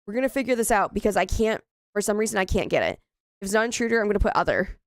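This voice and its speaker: A woman's voice: mid-range voice, lively intonation, rapid-fire, no echo, studio quality. A woman in her thirties chatting casually while playing a horror game, often exclaiming in frustration. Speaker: gaming streamer. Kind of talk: casual let's-play commentary.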